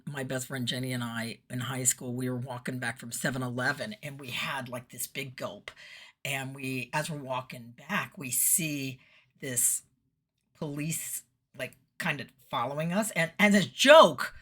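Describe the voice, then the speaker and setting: Chatty middle-aged woman vlogger, bright forward tone, storyteller who laughs a lot. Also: a bass voice, husky. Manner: chatty, laughs often, acts out quotes. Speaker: vlogger giving weekly messages. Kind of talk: casual storytelling monologue.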